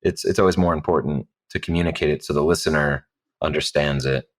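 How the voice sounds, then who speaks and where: A man guesting on a roundtable makes his point firmly and repeats it for stress. His voice is extremely deep and he talks quickly. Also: steady tone. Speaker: audiobook narrator, guest. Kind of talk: casual roundtable discussion.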